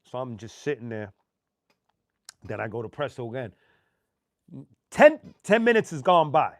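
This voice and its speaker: A man hosting a show, casually telling a profane, animated anecdote full of slang. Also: medium pitch, moderate pace, no echo, studio quality. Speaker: host. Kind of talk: casual storytelling.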